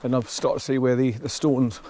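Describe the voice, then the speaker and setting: A man's voice: medium pitch, steady tone, moderate pace, warm tone, slight background noise. Chatty man walking outdoors. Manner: rambling, chatty, chuckles often. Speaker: vlogger walking his dog. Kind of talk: casual walking vlog commentary. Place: outdoors on a forest track.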